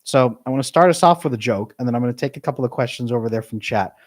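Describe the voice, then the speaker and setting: A middle-aged man, a relationship coach, talking to his live stream audience with emphatic, jumpy pitch on key words. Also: very fast. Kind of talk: live stream talk to chat.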